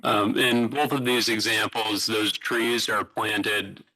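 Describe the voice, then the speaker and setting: Bright-toned man explaining utility tree trimming. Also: on the low side, fairly even intonation, low-quality recording. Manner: halting, fillers and restarts, explanatory. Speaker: utility presenter. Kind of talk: public meeting presentation. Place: city hall meeting room.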